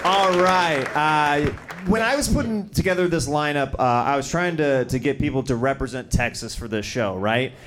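A man's voice: on the high side, normal speed, few pauses, background noise. A man hosting a comedy show, introducing the next comedian and hyping him up. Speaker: show host introducing comics. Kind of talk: stage introduction. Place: comedy club stage. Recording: club with music and crowd.

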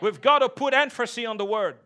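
A man's voice: very high voice, brisk, bright, forceful tone, a faint crowd. A man preaching a sermon as pastor, emphatic, calling for responses from the congregation and repeating key phrases for emphasis.

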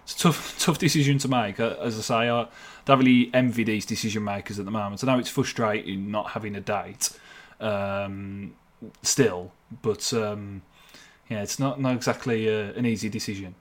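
A man's voice: lowish voice, steady tone, moderate pace. A man talking as a football reporter in a casual podcast chat, hesitant with many restarts.

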